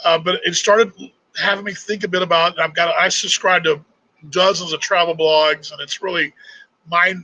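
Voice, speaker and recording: A man's voice: high-pitched, steady tone, moderate pace, bright, forceful tone, no echo, muffled recording. A middle-aged man from Texas with a Texan accent, hosting a casual live chat in a rambling, chatty way. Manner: rambling, chatty, restarts often. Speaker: host.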